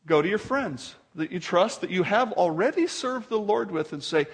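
A man's voice: high voice, lively intonation, moderate pace, few pauses, breathy edge. A man preaching a sermon as pastor in a conversational way, with asides and laughter.

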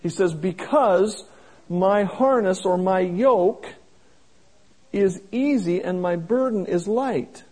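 A man preaching a sermon in a folksy, plain-spoken way, slowing down to stress each scripture quote. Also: high voice, a little mellow, rough recording. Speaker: pastor.

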